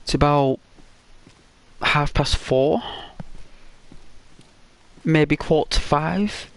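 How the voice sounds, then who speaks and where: A man from the north of England chatting slowly with viewers while he plays a game, in a meandering, relaxed way. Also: a little high. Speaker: gaming streamer. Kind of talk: relaxed live gameplay commentary.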